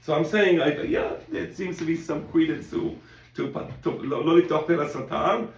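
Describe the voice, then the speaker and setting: Gravelly-voiced male rabbi teaching in an echoey room. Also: a little high, moderate pace. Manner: conversational, repeats words, quotes in animated voices. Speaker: rabbi teaching a Talmud class. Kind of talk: casual Talmud lesson.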